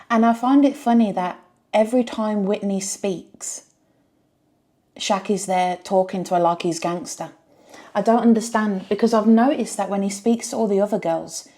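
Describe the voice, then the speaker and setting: A woman's voice: lowish voice, dark tone. A woman reviewing a reality show, exasperated and firing rhetorical questions. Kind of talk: reaction review rant.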